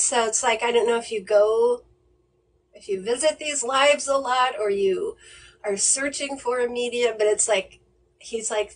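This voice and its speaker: A woman medium gives a reading on a video call, her voice pitched a little high and coming from a bit away from the mic. She talks gently and reassuringly, but hesitantly, with frequent ums and self-corrections. A faint hiss of noise sits under the livestream audio. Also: measured pace, distant mic, low-quality recording. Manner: hesitant, many fillers and restarts.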